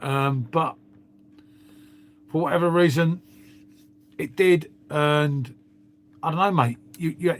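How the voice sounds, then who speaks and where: There's a little hiss or hum behind this fairly high-pitched male voice. He's a middle-aged London livestream host, chatting casually and rambling with lots of swearing, "mate," and tag questions.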